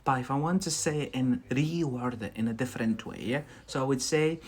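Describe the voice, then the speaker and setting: A man's voice: mid-range voice, a little fast, few pauses, darkish tone, breathy edge. A man from Scotland, teaching English idioms on a live stream in a chatty way, often checking in with "yeah?".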